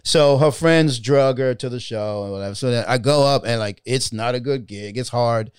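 A male comedian telling stories in a casual podcast chat, animated and swearing freely. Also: medium pitch, moderate pace, clear, resonant tone, dry recording, studio quality.

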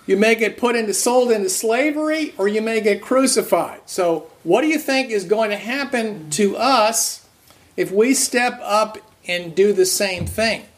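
Man preaching, earnest, halting restarts, slow emphatic stresses. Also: sits high. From raised Roman Catholic. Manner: earnest, repeats and restarts, stresses key words slowly. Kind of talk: sermon.

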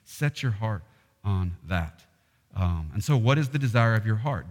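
A pastor preaching a sermon, earnest and plain, with voice rising into animated impressions. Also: male voice, lowish voice, a little slow, big-room sound.

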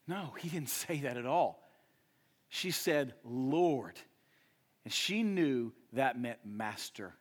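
A young adult male pastor preaching a sermon, swinging between loud emphatic rises and hushed, quiet drops. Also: medium pitch, expressive, slow.

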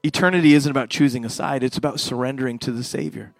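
A man's voice: mid-range voice, steady tone, fast talker, creaky, no room sound, faint music behind. Fervent preacher man with dry sound. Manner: passionate preaching, swinging from loud to hushed. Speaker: pastor. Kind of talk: sermon.

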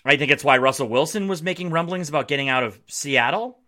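A man's voice: on the high side, fast. A man hosting a podcast, giving casual sports commentary in a blunt way, swearing freely and acting out what others say. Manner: animated, blunt, swears freely, acts out quotes. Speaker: podcast host.

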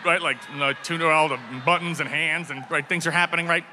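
A man with a bright, fairly high voice tells a comic story on stage, swinging his pitch all over as he acts out the scene. His voice rings with a long reverb from a large hall. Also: fast talker. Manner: animated, acts out shouted dialogue. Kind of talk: live comedic storytelling.

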